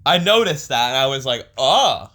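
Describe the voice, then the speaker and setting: A man's voice: medium pitch, very animated, normal speed, pushed and bright. A man co-hosting a casual podcast, joking, swearing and chiming in. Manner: laid-back, swears, jokes and interjects. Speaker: podcast co-host. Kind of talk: casual chat.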